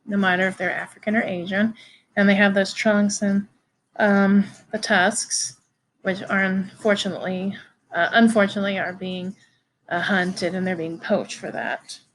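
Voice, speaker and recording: A woman giving a recorded biology lecture to students, halting and informal, with many fillers and restarts. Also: mid-range voice, level tone, slight background noise, low-quality recording. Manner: informal, addresses students directly.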